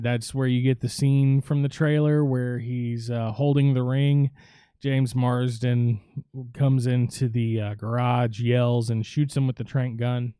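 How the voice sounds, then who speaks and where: Mellow, rambling male streamer. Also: medium pitch, clear, resonant tone, dry recording, studio quality. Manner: rambling, profane, with many fillers. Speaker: live streamer. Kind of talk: casual film recap.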